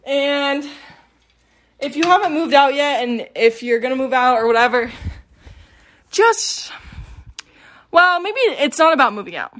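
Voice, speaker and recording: A woman's voice: high voice, lively intonation, unhurried, long pauses, a bit bright. Chatty rambling teenage girl vlogger. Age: late teens. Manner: rambling, chatty, self-deprecating, filler-heavy. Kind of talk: casual confessional chat. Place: home with dogs. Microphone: phone.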